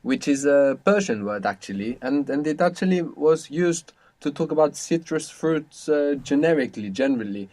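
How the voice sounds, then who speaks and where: A man's voice: fairly high pitch, expressive, normal speed, few pauses, darkish tone. A man teaching as a language teacher on an audio course, patient and explaining things step by step.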